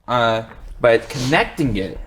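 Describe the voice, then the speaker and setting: A man's voice: mid-range voice, lively intonation, takes it slowly, fairly bright tone. Brief: man from the US South, thoughtful and hesitant, faint background noise. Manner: hesitant, thoughtful, restarts often. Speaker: panel guest. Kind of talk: casual panel discussion.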